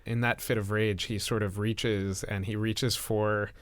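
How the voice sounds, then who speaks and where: A man narrating his character's actions in a tabletop role-playing game in a measured, descriptive way. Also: lowish voice, little pitch movement, no room sound. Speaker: game player.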